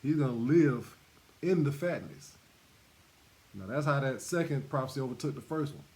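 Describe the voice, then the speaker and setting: A man's voice: medium pitch, expressive, normal speed, a little mellow. A man teaching scripture in a sermon style, repeating points emphatically and laughing between them. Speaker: bible teacher. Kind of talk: sermon-style bible study.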